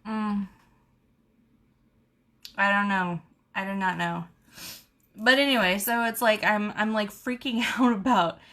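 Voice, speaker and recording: A woman with a twang chats through a live video at a middle pitch. She talks fast and animated, with a lot of laughing and "y'all" thrown in. It sounds like a casual live stream recorded on a camera mic. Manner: chatty, animated storytelling with laughs. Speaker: beauty vlogger host.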